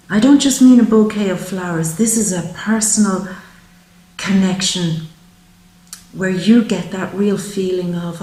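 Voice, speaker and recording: Earnest woman tarot reader, echoey room. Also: medium pitch. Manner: gentle, earnest, slow and emotional. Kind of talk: spoken psychic tarot reading.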